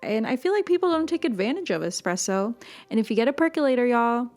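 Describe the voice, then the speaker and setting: A woman's voice: fairly high pitch, big pitch swings, fast talker, a little mellow. A young woman from Miami hosting a casual podcast chat, talkative and laughing often, with many fillers. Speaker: podcast host.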